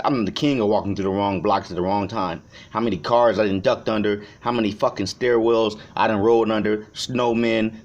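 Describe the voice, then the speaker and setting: Low-voiced man rambling profanely, lo-fi. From Chicago. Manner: profane, rambling, swings between shouting and quiet reflection. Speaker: vlogger. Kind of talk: unscripted vlog monologue. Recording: dull lo-fi recording.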